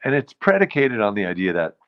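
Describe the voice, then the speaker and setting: A man's voice: lowish voice, sing-song, brisk, muffled recording. A man with a New York accent, from the Bronx, hosting a casual live stream, rambling and greeting viewers between thoughts. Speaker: host.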